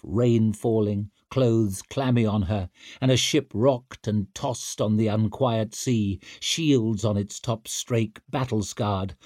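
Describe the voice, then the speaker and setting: Guy reading a fantasy audiobook, slow and steady, dead dry mic. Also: lowish voice, dry recording. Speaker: narrator. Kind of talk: audiobook narration.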